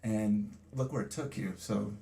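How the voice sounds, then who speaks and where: Gravelly-voiced male interviewer. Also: lowish voice, fairly even intonation, a little slow, dark tone, a little hiss or hum. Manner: brief encouraging replies and questions.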